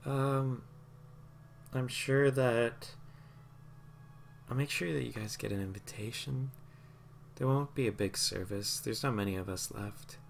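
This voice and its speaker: Man voicing a quiet grieving woman. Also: medium pitch, a little slow, gravelly, long pauses, slight background noise. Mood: subdued. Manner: quiet, hesitant, subdued.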